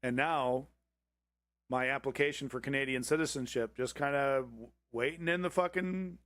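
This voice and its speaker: A man's voice: mid-range voice, moderate pace, a bit bright, no room sound. A man hosting a livestream, reacting to a political clip with angry, profanity-filled ranting. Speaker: livestream host.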